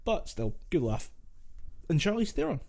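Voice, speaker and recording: A man co-hosting a podcast in relaxed casual chat, laughing easily. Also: fairly high pitch, moderate pace, vocal fry. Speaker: podcast co-host.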